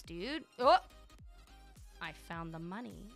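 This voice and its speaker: A woman's voice: medium pitch, normal speed, soft background music. Gushing, chatty young woman streamer. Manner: gushing, animated, chatty with lots of "like" and "dude". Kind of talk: casual live-stream chat while playing a game.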